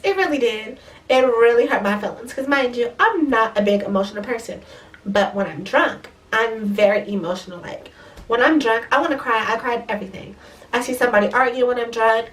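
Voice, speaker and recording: A young woman telling a story in a fast, profane, animated way, with a stuffy nose. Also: a little high, recorded from a distance, slight background noise. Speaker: vlogger. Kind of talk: casual storytime.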